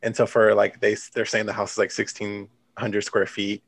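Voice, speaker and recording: A man with a low, gravelly voice chats casually as a co-host, relaxed and full of easy laughs. His voice sits close and dry on the mic, with no room sound around it. He fills his sentences with "like" as he goes. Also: moderate pace, dry recording. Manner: relaxed and chatty, laughs often, many "like" fillers. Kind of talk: casual chat.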